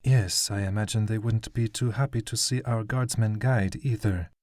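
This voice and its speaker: A man voicing a cautious young woman adventurer who speaks softly. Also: lowish voice, steady tone, moderate pace, no room sound, studio quality, natural voice. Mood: quiet. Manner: soft, quiet.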